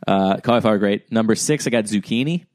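A man's voice: lowish voice, fast, darkish tone, no echo. A man hosting a podcast, chatting casually about food and cracking dry, meandering jokes. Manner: tall. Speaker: podcast host. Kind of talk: casual chat.

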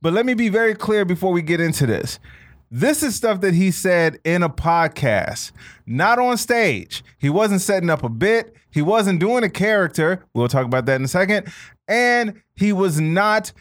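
A man's voice: sits high, sing-song, normal speed. A man co-hosting a comedy podcast, speaking emphatically and repeating points to drive them home. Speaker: podcast co-host. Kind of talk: casual chat.

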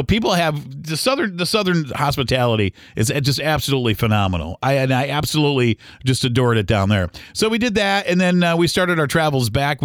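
A man hosting a podcast, telling a travel story in a casual, rambling way with lots of fillers and restarts, and getting animated when he quotes people. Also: fairly high pitch, dry recording, studio quality. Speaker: podcast host.

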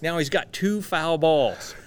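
A man, a guest pastor, chatting casually and telling animated stories, acting out the quotes as he goes. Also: a little high, slow, a little hiss or hum. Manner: animated anecdote teller, acts out quotes. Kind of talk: casual storytelling chat. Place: conference venue.

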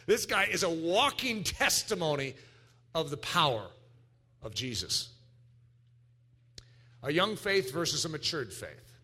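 Animated bright-voiced male preacher. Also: a little high, measured pace, pauses often, husky. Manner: animated preaching with acted-out voices and sudden shouts. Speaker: pastor. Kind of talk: sermon.

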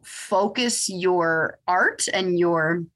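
A woman's voice: fairly low pitch, very slow, fairly bright tone. A woman hosting a podcast, a chiropractor who explains things in a casual, teacherly way. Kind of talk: casual interview chat.

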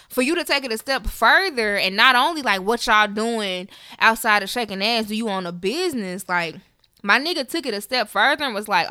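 A woman co-hosting a podcast, telling stories in a loud, animated, profane way. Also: fairly high pitch, fairly quick. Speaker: podcast co-host. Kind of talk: casual podcast chat.

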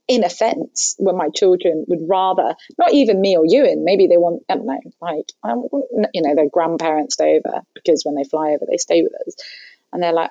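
A woman guest chatting candidly about parenting, chatty and self-deprecating with quick asides. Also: lowish voice, warm tone, no echo, lo-fi sound. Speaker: podcast guest. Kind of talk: candid conversational chat.

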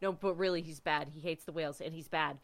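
A woman's voice: low voice, steady tone, quick pace. A woman co-hosting a casual movie podcast, sarcastic and fond of mock-quoting lines. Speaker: podcast co-host. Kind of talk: casual movie review chat.

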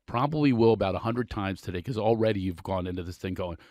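A man's voice: fairly low pitch, fast, no room sound. A man hosting a podcast, chatting casually and joking with a guest in a studio. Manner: animated, jokey, self-deprecating. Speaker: podcast host and comedian. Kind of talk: casual interview chat. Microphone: studio microphone.

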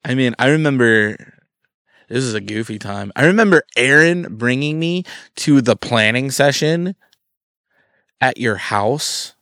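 A man's voice: mid-range voice, expressive, measured pace, fairly bright tone, clear, resonant tone, dry recording. Guy telling a story in a chill chat, acts out the quotes, dry mic. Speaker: guest.

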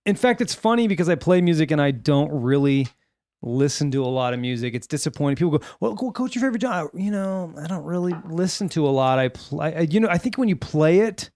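A man's voice: a little high, lively intonation, a little fast, darkish tone, dry recording. Dry, teasing man on a podcast. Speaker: podcast co-host. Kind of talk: casual chat.

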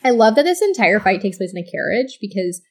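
A woman's voice: medium pitch, very animated, fast, breathy edge. A woman chatting casually as co-host, reacting emphatically to a film recap. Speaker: podcast co-host. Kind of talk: casual chat.

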